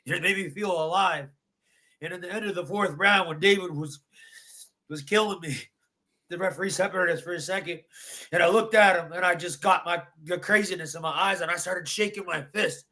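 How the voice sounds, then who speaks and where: Intense, bright-voiced fighter man. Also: high voice, brisk. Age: adult. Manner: intense, emphatic storytelling with repeated phrases. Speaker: bare-knuckle fighter. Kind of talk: post-fight interview.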